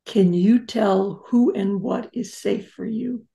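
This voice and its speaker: Older woman, therapist guest, reflective storyteller, emphatic, strong vocal fry, dark mellow tone. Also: medium pitch, takes it slowly. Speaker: psychotherapist guest. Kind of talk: interview storytelling.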